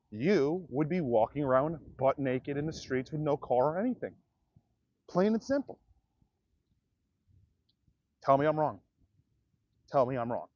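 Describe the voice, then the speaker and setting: A man's voice: mid-range voice, a little mellow, dry recording, highs cut off. A man livestreaming outdoors, ranting to his viewers in a profane, direct way. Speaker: comedian livestreamer. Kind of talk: livestream rant to chat.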